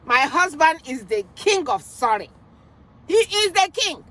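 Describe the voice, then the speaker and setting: A woman with a Nigerian accent telling a story in an animated vlog monologue, acting out voices and slipping into pidgin. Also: sits high, a little slow. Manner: expressive, acts out quoted voices, mixes in pidgin. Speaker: vlogger.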